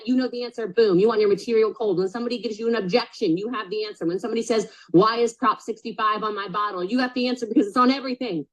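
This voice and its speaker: A woman's voice: a little high, very fast, few pauses, low-quality recording. Blunt, super direct woman sales coach. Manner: super direct, emphatic, repeats key points; casual, swears, checks in with "okay?". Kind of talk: live group coaching call.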